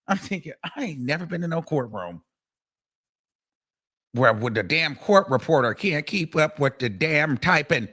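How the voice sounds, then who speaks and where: Speaking at a medium pitch and ordinary pace, this man runs a casual commentary show and spins a courtroom tale full of swearing, animation, and outbreaks of laughter.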